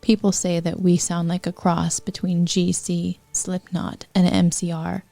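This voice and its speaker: A woman podcast host reading fanfiction aloud for comedy, deadpan with wry asides. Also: lowish voice, unhurried, creaky, no echo.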